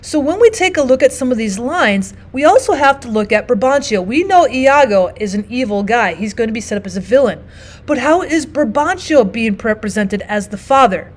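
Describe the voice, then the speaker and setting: Fairly high-voiced woman teaching literature. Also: moderate pace. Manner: explanatory, steady, often starts with "now" and "so". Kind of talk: recorded lesson narration.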